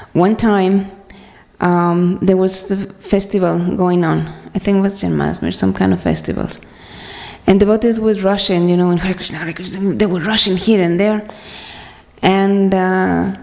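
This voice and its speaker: A woman's voice: mid-range voice, gravelly, a little mellow. Earnest woman speaking in a reverberant hall. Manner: earnest, halting, many fillers and restarts. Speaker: speaker sharing at a devotional gathering. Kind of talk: personal talk to a congregation.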